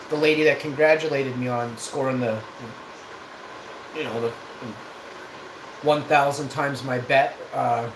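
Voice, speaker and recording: Dude rambling thru a story on stream, swears a lot, roomy echo and noise behind him. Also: male voice, mid-range voice. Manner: rambling, loose and profane. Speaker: live streamer. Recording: echoey room with background noise.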